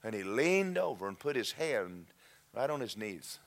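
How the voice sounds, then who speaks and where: Man preaching with sweeping pitch swings. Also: sing-song, normal speed, gravelly. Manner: emotional testimony, dropping to near-whispers then rising loud. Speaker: pastor. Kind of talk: sermon.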